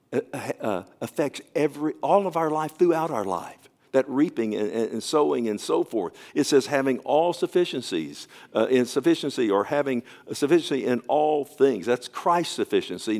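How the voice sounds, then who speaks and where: A man's voice: mid-range voice, darkish tone. A man preaching a sermon as pastor, emphatic and repeatedly asking his congregation to affirm what he says.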